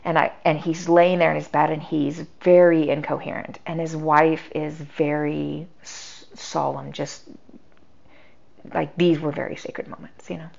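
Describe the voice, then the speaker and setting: A woman's voice: sits low, little pitch movement, a little slow, gravelly, darkish tone. A middle-aged woman, a podcast guest, telling a personal story in a chatty way, full of "like" and quoted dialogue. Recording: dull lo-fi sound.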